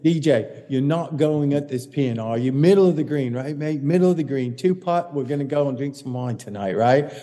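Brief: man impersonating a brash golfer, loud and matey, over a long reverb tail. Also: mid-range voice, normal speed, few pauses, lightly acted. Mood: pleading, chummy. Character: brash excitable English pro golfer man.

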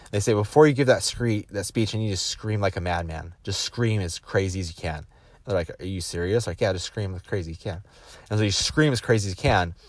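A man's voice: fairly low pitch, no room sound. A man, a business executive, telling personal stories in a casual motivational talk, acting out the people he quotes and restarting his sentences often. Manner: animated, acts out quoted voices, frequent restarts.

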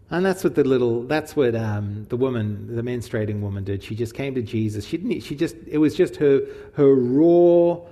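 A man's voice: medium pitch, vocal fry, mellow. A man preaching a sermon in a casual, conversational way. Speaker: pastor. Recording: long hall reverb.

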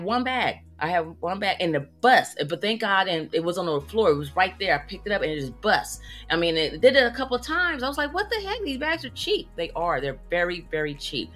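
A woman venting in a casual vlog, telling stories in an animated, exclamatory way with sudden high outbursts. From United States. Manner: animated, exclamatory storytelling with big pitch jumps. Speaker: vlogger. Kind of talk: casual rant to camera.

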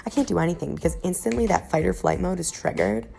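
A young woman talks through a podcast story in a loose, swear-heavy ramble, mocking herself as she goes. Her voice sits low with a gravelly edge. Faint music plays quietly underneath. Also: expressive, fast. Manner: profane, rambling, self-mocking. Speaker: podcast host. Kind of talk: casual storytelling monologue.

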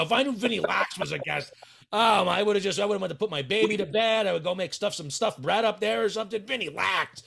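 A man's voice: high voice, fast, vocal fry, fairly bright tone, husky. A man in casual podcast chat as a wrestling manager, brash and boastful, trash-talking people.

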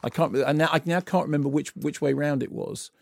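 A British man co-presents a radio show, telling wry, teasing anecdotes as a film critic. His voice is dark and gravelly. It sounds close and dry in the studio. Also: fairly high pitch, steady tone, brisk, no echo. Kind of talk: casual radio chat. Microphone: studio microphone.

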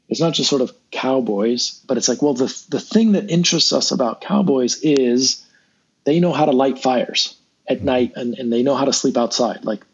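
A man telling a long parable in a relaxed interview, acting out the people he quotes. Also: medium pitch, husky. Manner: rambling, animated, acts out quotes. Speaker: guest. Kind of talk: conversational storytelling. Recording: dull lo-fi sound with faint noise.

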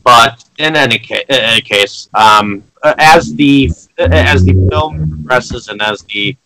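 Bright-voiced man hesitantly recapping a film. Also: medium pitch, lively intonation, a little slow, gravelly, rough recording. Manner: hesitant, many fillers and restarts. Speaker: podcast co-host recapping a film. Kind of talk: casual chat.

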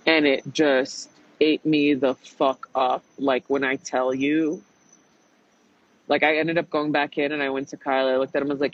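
This man's voice is fairly high and his pace moderate as he relays an irritating reality show experience in casual conversation. The telling is animated, full of profanity and emphasis, with voices quoted along the way, all captured in dull lo-fi sound.

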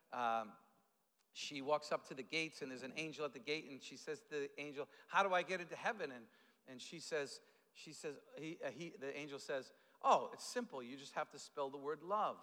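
A man preaching a sermon as pastor, telling stories in an animated way with lots of fillers and restarts. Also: mid-range voice, in a large hall. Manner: animated storytelling with fillers and repeated starts.

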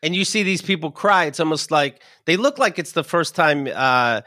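A male podcast host chats in halting, stop-start bursts, circling back over his own words. His voice is bright and forceful with a lively, swinging pitch, recorded close and dry. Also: dry recording. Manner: halting, full of restarts and fillers. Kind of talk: casual comedic chat.

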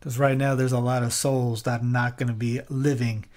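A man's voice: medium pitch, level tone, moderate pace. Rambling, sarcastic man ranting to camera. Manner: rambling and sarcastic, with restarts and laughs; rises into loud exhortation. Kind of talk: casual opinion monologue.

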